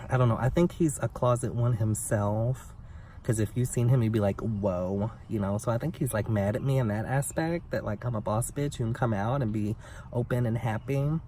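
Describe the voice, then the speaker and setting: A young man telling a story on his vlog in a blunt, sassy, profane way, with big swings in pitch. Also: darkish tone. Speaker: vlogger. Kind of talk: casual storytime rant. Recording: somewhat distant mic with faint background noise.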